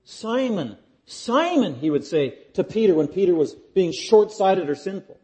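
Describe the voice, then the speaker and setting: Guy preaching a sermon, mellow warm voice, pitched a bit high, gets loud then drops real quiet. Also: moderate pace. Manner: emphatic, building repetition, swings from loud to hushed. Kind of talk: expository sermon.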